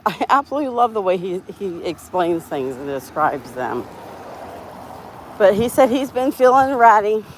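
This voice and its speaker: Walking her dogs outside, a woman runs a casual livestream, chatting with viewers and reading their comments. Her voice is on the low side, and she rambles and laughs at her own mistakes.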